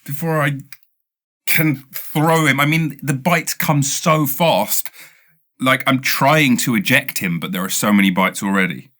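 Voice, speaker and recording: Speaking in British English at medium pitch and a measured pace, a podcast host spins a rambling, funny story. He's animated, full of stutters and restarts as he keeps cutting himself off.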